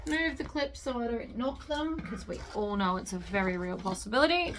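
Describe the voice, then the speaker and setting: Woman, sewing tutorial host, slightly high voice, chatty, thinks aloud, sewing machine running behind, faint noise. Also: expressive, normal speed, few pauses, a bit bright. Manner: chatty, talks to herself while working, enthusiastic about her stitching. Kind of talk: relaxed instructional sewing talk.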